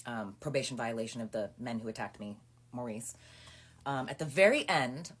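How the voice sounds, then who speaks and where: A woman in her thirties speaks in a low, deep register as she tells a personal story straight to her phone camera. She sounds animated and indignant, piling on fillers and asides. The sound is close and intimate, recorded indoors in a small room. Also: normal speed, husky. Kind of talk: casual storytime recap to camera.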